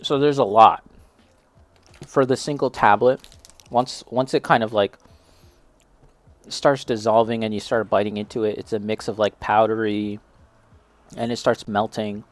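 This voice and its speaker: A man's voice: lowish voice, steady tone, measured pace, long pauses, no echo. Chatty young man tasting snacks. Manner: chatty, self-deprecating, reacting while eating. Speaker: snack reviewer. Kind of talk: casual snack tasting chat.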